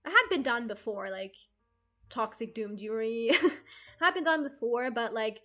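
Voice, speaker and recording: A young woman with a slightly high voice talks in a loose, rambling stream chat. She swears freely and leans on constant fillers. Faint music plays behind her. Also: lively intonation, normal speed, bright, forceful tone. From outside the United States.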